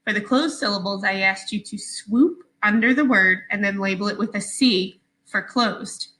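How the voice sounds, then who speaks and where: A woman teacher giving a recorded phonics lesson to young children, patient and clearly enunciated. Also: medium pitch, normal speed, sharp tone, rough recording.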